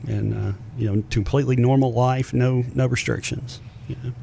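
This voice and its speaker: A man's voice: mid-range voice, steady tone, moderate pace, gravelly, warm tone, slight background noise. A man in his thirties, a guest on a radio talk show, speaking earnestly and devoutly about his faith and his family. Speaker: radio show guest, husband of a transplant patient. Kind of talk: radio interview.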